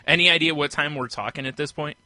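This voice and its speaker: A man co-hosting a podcast in casual chat, teasing his co-host with quick interjections. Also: fairly high pitch, pushed and bright, dry recording.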